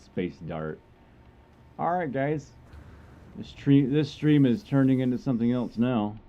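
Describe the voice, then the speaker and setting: A man's voice: medium pitch, lively intonation, measured pace, muffled recording. A man giving casual, joking commentary while streaming a game, chatty and rambling as he plays.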